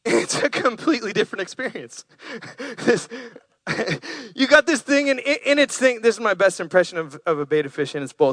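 A man with a high, bright voice preaches through lively stories. He acts out animals with playful voices for his listeners. The sound is dry and close. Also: no room sound. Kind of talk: storytelling sermon.

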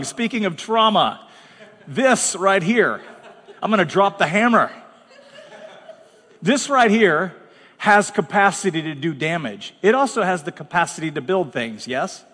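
A man's voice: high voice, lively intonation, measured pace, long pauses, fairly bright tone, in a large hall. A man preaching as pastor, talking bluntly and conversationally with dramatic asides. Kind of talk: sermon. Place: large church hall.

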